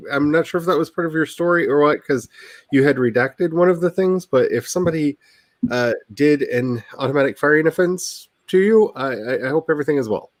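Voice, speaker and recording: A man's voice: on the high side, brisk, no room sound. A man hosting a casual livestream chat, talking in a rambling, self-deprecating way over a video call. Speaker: livestream host.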